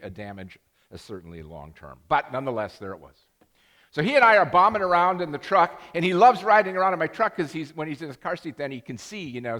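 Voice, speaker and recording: An older male pastor preaches in a church sanctuary, his pitch rising and falling with animated swings as he rambles through a story. He restarts his sentences and pokes fun at himself. The voice carries a long hall reverb. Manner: self-deprecating humor. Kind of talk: sermon.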